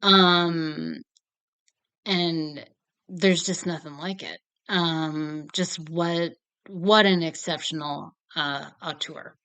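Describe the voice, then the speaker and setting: A young woman chats about her favorite films, gushing and cursing freely with frequent laughs. Her voice is bright and forceful. The sound is dry and close, with no room around it. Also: sits low, extremely slow, clear, resonant tone, no echo. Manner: gushing, swearing, laughing often. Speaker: film reviewer. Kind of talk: casual movie talk to camera.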